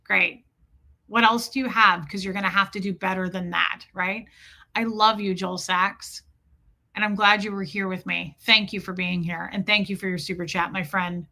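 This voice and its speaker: A woman's voice: mid-range voice, steady tone, moderate pace, gravelly, sharp tone. A middle-aged woman hosting a livestream, talking bluntly and defiantly, with frequent swearing. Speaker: livestream host. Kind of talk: casual livestream talk.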